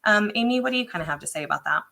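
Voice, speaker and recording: A woman in her forties, a tech integration specialist, telling an animated story in a casual panel chat and acting out the quotes. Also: medium pitch, rapid-fire, gravelly.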